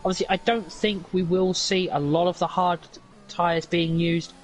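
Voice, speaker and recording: A man co-commentates on an online race in a fairly high voice. He rambles through his analysis with many ums. His audio comes through robotic and glitchy, with faint hiss underneath. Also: level tone, moderate pace, poor audio. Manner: rambling, filler-heavy analysis.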